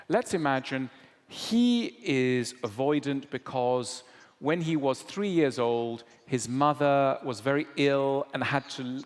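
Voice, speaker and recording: A man speaking, answering an audience question at a public lecture and acting out little dialogues as he explains. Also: medium pitch. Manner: animated storyteller acting out quoted dialogue. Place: lecture hall. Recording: long hall reverb.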